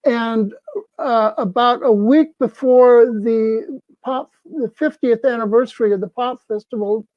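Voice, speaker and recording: A man's voice: very high voice, unhurried, no room sound. Older man telling a story, dull dry sound. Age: 70s. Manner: animated, acts out quoted people. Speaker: festival crew member. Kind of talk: casual storytelling.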